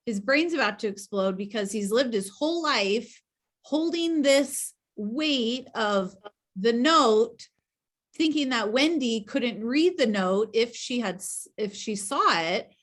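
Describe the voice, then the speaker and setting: A woman hosting a book club on a video call, retelling the story in an animated and emotional way. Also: fairly high pitch, slow pace. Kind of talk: casual book discussion.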